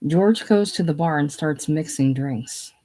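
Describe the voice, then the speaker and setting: A person casually reading a stage play aloud, giving the stage directions in a plain, unhurried way. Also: medium pitch, mellow. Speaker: reader.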